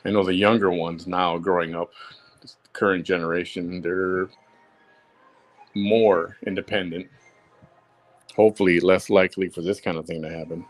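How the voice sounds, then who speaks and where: A man's voice: low voice, little pitch movement, moderate pace, long pauses, soft background music. A man from Chicago, hosting a solo audio show, talking bluntly and heatedly, repeating himself for emphasis. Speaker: podcast host.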